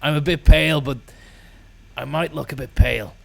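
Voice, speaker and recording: Gravelly man spinning deadpan nonsense. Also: a little high, moderate pace. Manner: deadpan absurd tall tales, casual swearing. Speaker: comedy podcast host. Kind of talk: rambling comic monologue.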